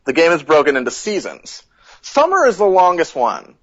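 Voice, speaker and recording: A man hosting a casual podcast chat, retelling a story with lively acted-out quotes. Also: a little high, moderate pace. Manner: animated retelling, acts out quotes. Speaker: podcast host. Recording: dull lo-fi podcast audio.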